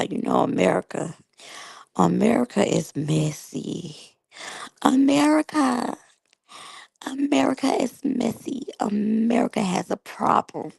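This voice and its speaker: Thirties woman, vlog reviewer, chatty, slow-paced and husky; addresses viewers directly. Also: fairly low pitch, a little mellow, dry recording, rough recording. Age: 30s. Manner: chatty, talks straight to the audience. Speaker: reality show reviewer. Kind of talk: casual commentary to viewers.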